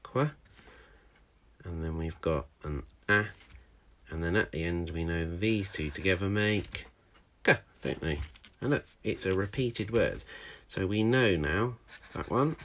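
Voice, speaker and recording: Deep-voiced man teaching children phonics. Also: animated, fairly bright tone, slight background noise. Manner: encouraging, sounds out letters slowly for young learners. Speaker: primary school teacher. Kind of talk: recorded handwriting and phonics lesson for children.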